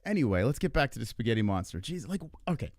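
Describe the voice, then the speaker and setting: A man's voice: medium pitch, very animated, quick pace, darkish tone, no echo, clean studio sound. A young man hosting a casual livestream chat, rambling and exasperated, swearing often as he asks why everyone gets so angry. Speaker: podcast host.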